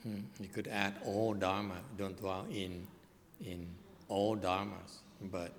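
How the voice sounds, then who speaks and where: A man giving a Buddhist dharma lecture to a hall, speaking haltingly with many fillers and restarts. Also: sits low, flat delivery. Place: hot lecture hall without air conditioning. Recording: long hall reverb.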